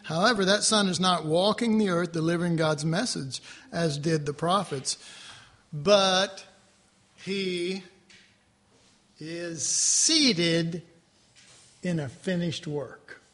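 High, bright-voiced male Bible teacher. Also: slow, long pauses. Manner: conversational, animated teaching with asides to the class. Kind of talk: sermon.

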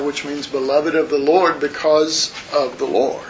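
Speaking on the high side with fairly even intonation, this man talks a little slowly and barely pauses as he teaches a Bible study. He's earnest and rambling, chatting with his listeners as folks, and the audio is muffled lo-fi with a faint hiss.

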